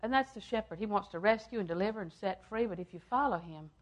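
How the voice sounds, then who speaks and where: An older woman preaching a sermon, repeating phrases for emphasis and swinging from loud, emphatic lines down to hushed ones. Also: medium pitch, quick pace.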